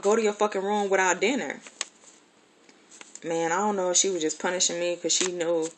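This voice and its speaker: Woman with a lowish voice telling stories. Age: adult. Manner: candid and profane, rambling with many fillers. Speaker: storyteller. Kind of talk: casual personal storytelling.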